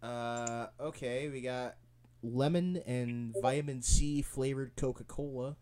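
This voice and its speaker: A man's voice: mid-range voice, fairly even intonation, a little slow, darkish tone. A man hosting a casual podcast chat, blunt and joking as he reads out odd soda flavors. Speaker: podcast host.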